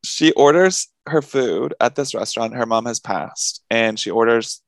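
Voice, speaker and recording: A man's voice: medium pitch, unhurried, no room sound. A young man co-hosting a podcast, rambling casually with plenty of swearing and laughter. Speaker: podcast co-host. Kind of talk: casual chat.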